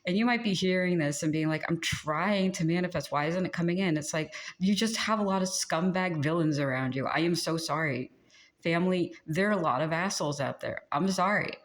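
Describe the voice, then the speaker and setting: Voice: medium pitch, a little fast. A host giving a casual channeled spiritual pep talk, chatty and rambling, laughing often and venting frustration. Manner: chatty and rambling, with many fillers and frequent laughs; exasperated and venting.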